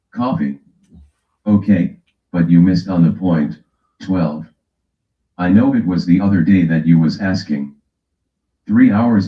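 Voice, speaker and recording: Low slow-talking guy on his stream teasing chat, kinda echoey. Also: highs cut off. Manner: brash, teasing, calls out chatters. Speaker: livestream host.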